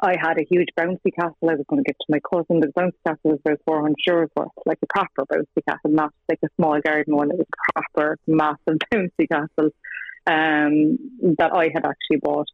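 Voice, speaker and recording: Brisk and low-voiced, with little pitch movement, an Irish woman recounts her story as a guest in an informal phone interview. She was the subject's partner, and she tells it chattily, acting out dialogue and laughing between lines. The sound comes through a dry, tinny phone line.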